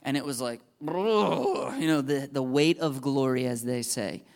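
A young adult man preaching, telling a personal story in an animated way and jumping into high, excited voices when he quotes his own thoughts. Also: moderate pace, clean tone. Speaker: pastor. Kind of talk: sermon testimony.

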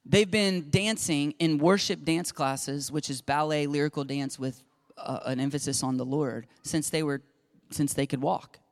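A middle-aged man preaching a sermon, telling a story with lively acted-out dialogue. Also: on the high side, unhurried. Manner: animated storytelling, acting out dialogue. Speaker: pastor. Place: church sanctuary.

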